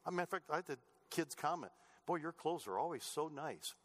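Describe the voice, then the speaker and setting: A middle-aged man preaching a sermon, telling family stories earnestly, moving between loud emphatic lines and soft, low asides. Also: expressive, fast. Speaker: pastor.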